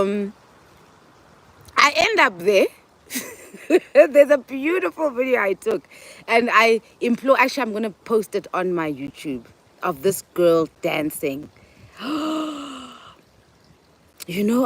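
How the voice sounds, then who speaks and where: A South African woman hosting a show, talking casually and telling animated stories, often acting out other people's voices and mixing in local words. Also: medium pitch, poor audio. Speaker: host. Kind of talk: casual monologue.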